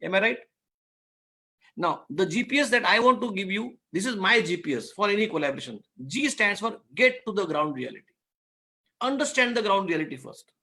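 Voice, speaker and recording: A man teaches business owners in an earnest, repetitive way. His voice sits high for a man and carries a gravelly fry. He tells a simple animal fable to drive home his lessons. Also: expressive, a little fast, bright, forceful tone. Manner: earnest, repeats words, tells a fable to make points. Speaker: guest speaker on business law. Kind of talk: online masterclass talk.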